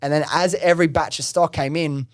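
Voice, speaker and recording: A man hosting a podcast, telling his startup story in casual chat, excitable, swearing freely and saying "like" a lot. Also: a little high, a little fast, no echo, clean studio sound. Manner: excitable, swears freely, heavy use of "like" and "bro".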